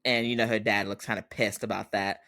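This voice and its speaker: A man's voice: on the low side, little pitch movement, brisk, bright, forceful tone, dry recording, studio quality. A man hosting a podcast, recapping a drama episode in a chatty way, laughing often and acting out the characters' lines. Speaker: podcast host.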